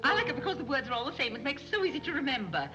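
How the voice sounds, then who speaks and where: An actress playing a scatterbrained wealthy society matron who chatters in a dithery, rambling way, in a 1930s film comedy. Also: female voice, high-pitched, big pitch swings, very fast. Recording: scratchy 1930s film soundtrack with music.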